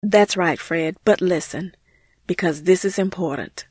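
A woman's voice: on the low side, unhurried, darkish tone, slightly rough, no echo, clean studio sound. A woman voicing an earnest, grateful churchgoing woman in an amateur audio drama, speaking heartfelt and sincere. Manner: heartfelt, earnest, often says his name.

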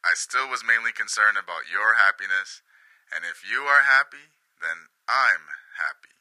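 A man's voice: lowish voice, normal speed, sharp tone. A man playing an eager, emotional former sweetheart on a phone call in a radio-style drama. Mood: earnest longing. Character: lovestruck former sweetheart Fred.

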